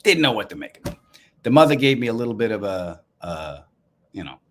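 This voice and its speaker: Man, Long Island accent, comedian, live-stream chat, wry deadpan storytelling. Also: on the low side, fairly quick, a little hiss or hum. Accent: Long Island New York. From Long Island, New York. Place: apartment room, indoors.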